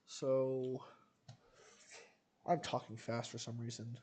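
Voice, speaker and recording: A man talking through a game stream in a mid-pitched voice, thinking aloud and cutting words short. Clear noise sits behind him, and he rambles from one small task to the next. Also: level tone, takes it slowly, pauses often, darkish tone. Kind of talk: casual gameplay commentary. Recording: noisy game stream audio.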